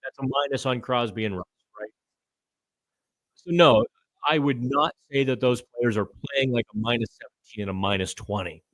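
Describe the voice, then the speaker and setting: A middle-aged man hosting a live hockey chat, answering viewer comments in a loose, thinking-out-loud way and stumbling over names now and then. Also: medium pitch, moderate pace, no echo. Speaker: hockey podcast host.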